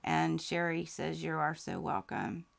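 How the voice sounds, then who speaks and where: Her voice sits low and a little creaky, animated yet somewhat slow. She hosts a live quilting Q&A stream, and as she reads out viewer comments she grows heartfelt and thankful, nearly in tears.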